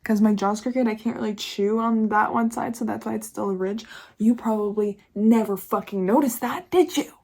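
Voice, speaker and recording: A woman's voice: mid-range voice, steady tone, normal speed, a little mellow. Chatty, profane young woman vlogger. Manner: candid, profane and chatty, laughs often. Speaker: YouTuber. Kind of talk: casual confessional vlog chat.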